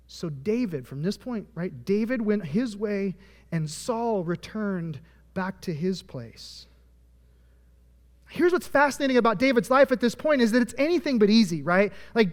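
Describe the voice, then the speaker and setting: Male preacher, high pitch, storytelling sermon that acts out characters' lines, reverberant church hall. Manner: storytelling, acting out voices of biblical figures. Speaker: pastor. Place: church auditorium.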